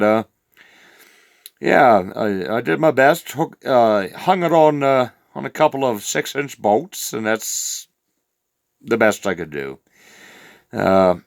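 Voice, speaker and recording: This comic character monologue features a man heavily acting out a crude old Southland farmer from rural New Zealand, his gravelly mid-range voice drawling through a rambling yarn stuffed with "uh"s. The sound is clean studio audio with no room sound.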